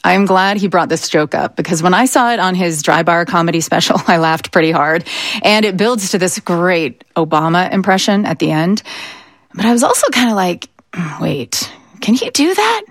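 A woman's voice: fairly low pitch, normal speed, dry recording, studio quality. A woman hosting a podcast, asking curious, probing questions. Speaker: podcast host. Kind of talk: interview.

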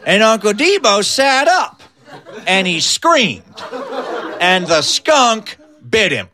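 A man telling a comic story, animated and building to his punchlines. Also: high voice, slow pace, crowd noise.

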